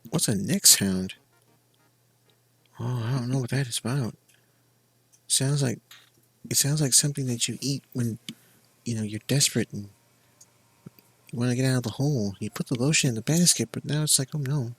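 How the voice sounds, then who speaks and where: A man's voice: mid-range voice, normal speed, pauses often, slightly rough, no room sound. A young man streaming a game, rambling in a casual, profane, jokey way. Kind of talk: casual live-stream chat while gaming.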